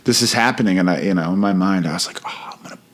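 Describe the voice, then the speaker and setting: A man in his forties from Chicago, chatting as a podcast guest, telling animated stories that burst into loud, profane rants. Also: low voice, racing. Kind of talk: casual podcast chat.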